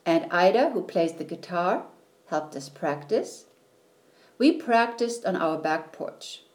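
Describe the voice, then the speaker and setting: A woman reading a children's storybook aloud in a gentle, unhurried way. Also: on the low side, lively intonation. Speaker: reader.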